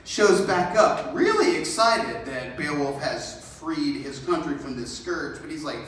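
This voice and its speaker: A man in his thirties doing solo stand-up storytelling in a theater, profane, rambling and animated. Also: fairly high pitch, slow, a little hiss or hum. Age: 30s. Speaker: comedian. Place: theater stage. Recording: echoey theater from a distance.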